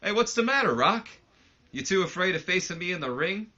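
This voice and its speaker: A man's voice: mid-range voice, animated, moderate pace, sharp tone, highs cut off. A man doing a sneering, cocky wrestling boss. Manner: sneering, boastful promo delivery. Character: brash cocky young male wrestling promoter taunting.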